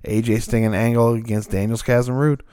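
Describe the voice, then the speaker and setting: A man's voice: medium pitch, little pitch movement, a little fast, warm tone, smooth, no room sound, studio quality. A man co-hosting a podcast in loose, rambling casual chat, swearing freely. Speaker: podcast co-host.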